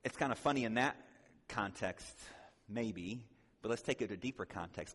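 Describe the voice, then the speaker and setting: Speaking at a church conference, an earnest man teaches in a conversational, sermon-like way, sometimes voicing the people he quotes. His fairly low voice has a fairly bright tone and a breathy edge, and he keeps a moderate pace. A long reverb makes him sound like he's in a large hall.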